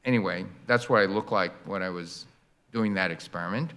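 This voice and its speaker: An older man giving a public university lecture, explaining science with animated sound effects and demonstrations. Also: low-pitched, brisk, clean tone. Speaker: guest lecturer. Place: lecture hall.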